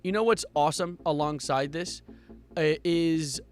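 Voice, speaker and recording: A man streaming live, commenting on posts with jokes, frequent laughter and loud incredulous outbursts. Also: fairly high pitch, measured pace, faint music behind.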